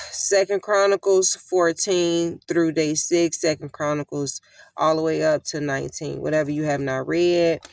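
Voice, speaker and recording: A woman's voice: sits low, fairly even intonation, unhurried, creaky, a little mellow, no room sound. A woman hosting a casual Bible study on her phone, irritated and repeating herself. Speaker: host of an online Bible study. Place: in her vehicle. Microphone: phone camera.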